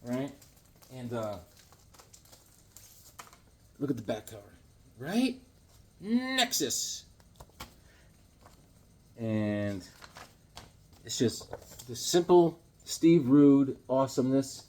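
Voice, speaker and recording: A man's voice: mid-range voice, very animated, very slow, pauses often, dark tone. A man chatting casually in a comic haul vlog, laid-back and full of slang. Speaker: comic book collector.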